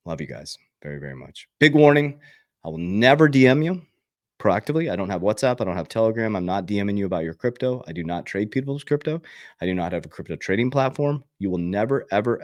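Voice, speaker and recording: A low-voiced man coaching his viewers on money, speaking in an emphatic, preachy way and hammering points home by repeating them. The sound is dry and close, with no room around it. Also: animated, fast talker, a little mellow, no room sound. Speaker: financial coach. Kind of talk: motivational investing talk.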